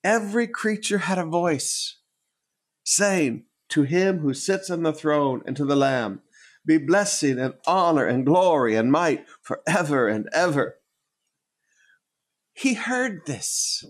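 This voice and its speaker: A man preaching a sermon, emphatic and repetitive, dropping from loud declarations to hushed tones and chuckling between points. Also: a little high, expressive, takes it slowly. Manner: emphatic, repeats words for effect, swings between loud and hushed.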